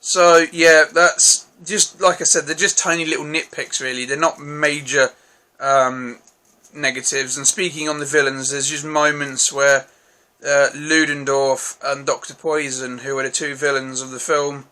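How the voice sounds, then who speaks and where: A man's voice: on the high side, level tone, measured pace, bright, forceful tone. A man hosting his own channel, giving a casual, rambling film review with many restarts and mild, self-deprecating remarks.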